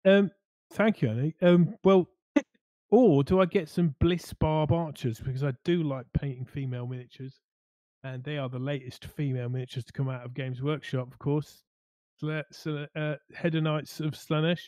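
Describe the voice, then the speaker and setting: A man's voice: on the high side, steady tone, moderate pace, dark tone, no echo. A man co-hosting a casual hobby chat show, rambling and restarting his sentences as he weighs his options. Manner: rambling, hesitant, many restarts. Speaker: co-host.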